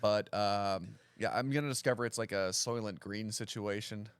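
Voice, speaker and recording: A man talking in a relaxed, rambling way, full of self-deprecating, deadpan asides and leaning heavily on "like" as a filler. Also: lowish voice, moderate pace, clean tone, no room sound. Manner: heavy use of "like" fillers. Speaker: stand-up comedian guest. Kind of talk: casual podcast chat.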